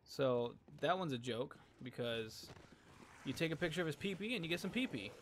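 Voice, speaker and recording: A man's voice: fairly high pitch, lively intonation, moderate pace, a little hiss or hum. A young man streaming a video game, chatting casually in a crude, profane, rambling way between jokes and mutters. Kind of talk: casual gameplay commentary.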